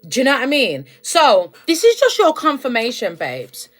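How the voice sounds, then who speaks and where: A woman's voice: high-pitched, huge pitch swings, normal speed, soft background music. A young woman giving a casual, emphatic spiritual rant to her viewers, calling them babes and collective. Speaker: spiritual content creator.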